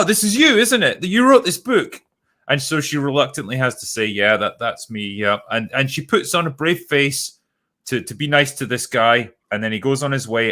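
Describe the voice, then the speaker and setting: A man with a bright, forward voice talks through a movie with friends. He swears freely and walks through alternate scenes like he is pitching them. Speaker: podcast co-host. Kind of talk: casual film discussion.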